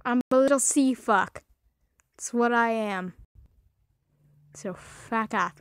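A young woman with a high voice, narrating her gameplay in a slow drawl that keeps erupting into profane rants and yelps. The sound is dry and close, with no room around it. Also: no room sound. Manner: profane, raging outbursts and shrieks. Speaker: gaming YouTuber. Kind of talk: gameplay commentary.

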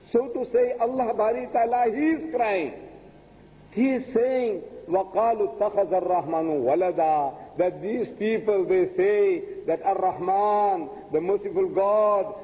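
An older man giving a religious lecture, talking emphatically, repeating his points and asking the audience rhetorical questions. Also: high-pitched. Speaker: preacher. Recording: tinny phone-like audio in a long-reverb hall.

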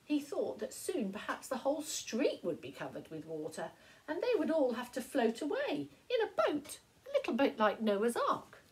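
A woman primary school teacher reading a picture book aloud to young children, with slow, expressive storytelling. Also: high voice, rough recording.

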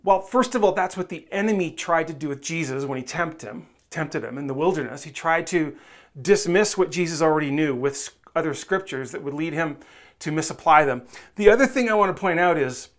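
A pastor preaching a sermon in a relaxed, conversational way, coaxing listeners and acting out the voices they might hear in their heads. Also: medium pitch, fairly quick. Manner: conversational, coaxing, asks the audience directly; acts out quoted inner voices.

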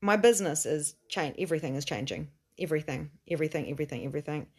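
A middle-aged woman with a somewhat low voice speaks casually to her viewers in a live stream. She talks earnestly and swears offhandedly. She laughs often and moves from slow, weighty statements to excited bursts. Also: husky. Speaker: spiritual coach.

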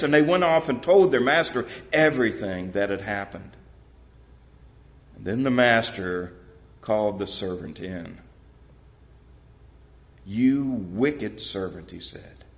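A male pastor preaching a sermon in a church, telling a parable with lively changes of voice and rhetorical questions to the congregation. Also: moderate pace. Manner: animated storytelling, voicing parable characters with pitch jumps. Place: church sanctuary.

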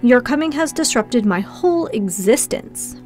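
A woman voicing an aloof male ship commander in an audiobook, speaking in a calm, penetrating, precise way. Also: a little high, a little slow, soft background music. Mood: grave. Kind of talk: audiobook character reading.

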